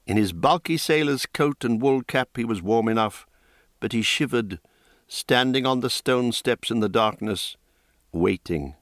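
A man reading a fantasy novel aloud in a measured, deliberate storytelling voice. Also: medium pitch, fairly bright tone, no echo, studio quality. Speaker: audiobook narrator. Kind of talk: scripted narration of a fantasy novel.

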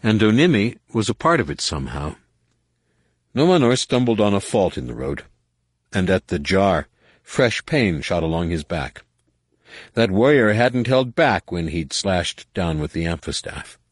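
A man reading a novel aloud as an audiobook narrator, with measured, expressive delivery. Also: low-pitched, husky, no echo, studio quality. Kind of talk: scripted narration.

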